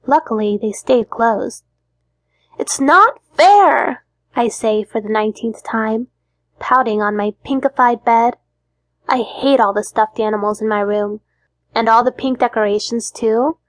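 Petulant, fairly high woman narrator. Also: fairly even intonation, normal speed, no echo. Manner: petulant young-adult tone with sulky outbursts. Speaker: audiobook narrator. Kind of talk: first-person audiobook narration.

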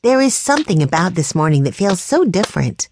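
A woman narrator voicing a gentle, thoughtful young girl in a children's audiobook. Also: on the low side, big pitch swings, fairly quick, noisy background.

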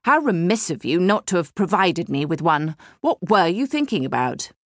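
A woman's voice: on the low side, very animated, normal speed, no echo. A woman voicing a sardonic young man. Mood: mocking. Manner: dry, mocking. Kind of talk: audiobook character reading.

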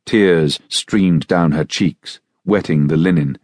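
A man narrating an audiobook in a measured, steady storytelling manner. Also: deep voice, no room sound, studio quality. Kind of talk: scripted narration.

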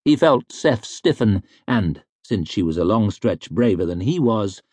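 A man narrating a fantasy novel in a measured, wry storytelling manner, close to a studio mic. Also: fairly low pitch, expressive, a little mellow, dry recording. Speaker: audiobook narrator.

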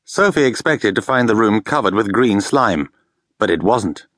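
Brief: male audiobook narrator, mid pitch, very lively delivery, dry studio recording. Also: moderate pace, dry recording. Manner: expressive storytelling. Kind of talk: scripted narration.

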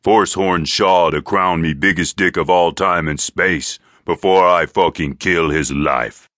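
Man voicing a deep storybook villain, slow taunting drawl, dry close sound. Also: a bit bright, dry recording. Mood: gloating menace. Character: menacing, gleeful adult male villain.

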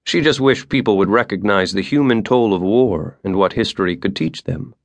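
A man reading an audiobook as narrator, in an even, measured storytelling manner. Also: lowish voice, no room sound. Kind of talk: scripted narration.

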